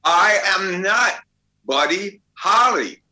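An older man voicing a stubborn man who answers curtly and loudly. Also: a little high, sing-song, a little slow, voice pushed up, heavily acted, low-quality recording. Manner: curt and loud. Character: stubborn grown man, blunt.

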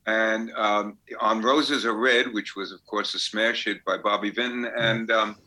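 An older songwriter telling rambling anecdotes in a casual interview. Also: male voice, fairly low pitch, fairly even intonation, a little slow, pushed and bright, low-quality recording. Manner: rambling anecdotes with fillers and restarts. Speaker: songwriter guest.

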